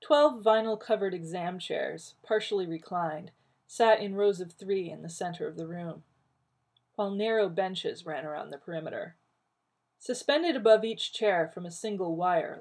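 A woman reading a story aloud in an expressive way, with a creaky, husky voice. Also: lowish voice, normal speed. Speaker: reader.

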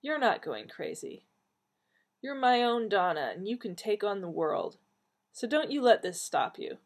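Brief: a kindly grandad in his seventies, soft and comforting, read by a husky female narrator. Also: medium pitch, big pitch swings, a little slow. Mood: soothing. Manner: soft and reassuring. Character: gentle elderly grandfather, soothing and affectionate.

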